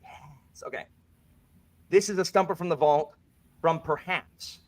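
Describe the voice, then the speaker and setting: A man's voice: on the high side, a little slow. A man hosting a bookish quiz game, playful and jokey, reading each clue twice. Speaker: quiz host. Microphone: desk microphone.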